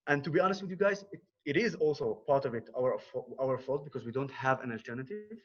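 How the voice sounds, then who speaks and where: A man's voice: medium pitch, expressive, fast. A man with an Arabic accent talking earnestly to a group, often repeating words as he searches for them. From Israel. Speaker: speaker on a conference call. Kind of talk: informal talk to a group. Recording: dull lo-fi call audio.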